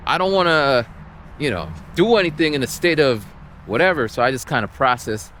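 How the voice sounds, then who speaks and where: Animated, exasperated man venting about his week while walking outside, with faint traffic behind him. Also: medium pitch, a little fast. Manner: exasperated, animated, acts out the people he quotes. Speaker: vlogger. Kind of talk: ranting storytelling while walking. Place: outdoors, walking in a town.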